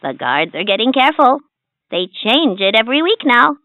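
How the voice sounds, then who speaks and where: A woman voicing a friendly, sly magical wishing frog in a toy's story, croaking between lines. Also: fairly high pitch, big pitch swings, sharp tone, no room sound. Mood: playful. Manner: slow, teasing, storybook delivery. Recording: tinny lo-fi toy speaker.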